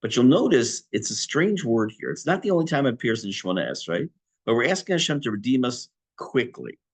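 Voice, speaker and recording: A man teaching an online class on prayer, reading Hebrew phrases and explaining them in English with a lively teacher's delivery. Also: medium pitch, brisk, husky. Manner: lively teacher's delivery, rising on key words.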